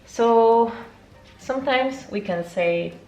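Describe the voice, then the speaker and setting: A young woman, not a native English speaker, teaching a casual video language lesson in a chatty way, jumping high in pitch to show words. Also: slow pace, dull audio, faint music behind. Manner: lively, jumps high to demonstrate words, chatty with fillers.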